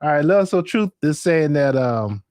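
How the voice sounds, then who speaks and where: A man hosting a late-night live stream, rambling, laughing and thinking out loud. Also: a little high, lively intonation, moderate pace, no room sound, studio quality.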